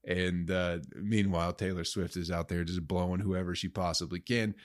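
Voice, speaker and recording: A young man hosting a solo podcast, ranting crudely and sarcastically with profanity and sudden loud outbursts. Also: sits low, little pitch movement, moderate pace. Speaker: podcast host.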